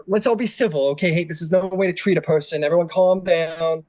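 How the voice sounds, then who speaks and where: Man doing a flustered squeaky fey doctor. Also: brisk, a little mellow, dry recording, natural voice. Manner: flustered, stammering, high. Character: jittery male fey doctor, anxious.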